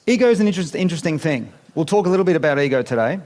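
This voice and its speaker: Aussie guy in his 50s running a seminar, high-ish voice, jokey, keeps quizzing the crowd. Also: expressive, rapid-fire, darkish tone. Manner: chatty, playful, asks the audience questions. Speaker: business speaker. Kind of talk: live seminar talk to an audience. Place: conference room with audience.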